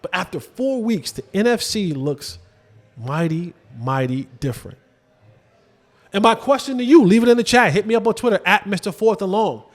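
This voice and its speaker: Man, sports show host, high voice, casual football talk, rhetorical questions, emphatic low asides. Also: expressive, moderate pace. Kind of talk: casual football commentary to camera.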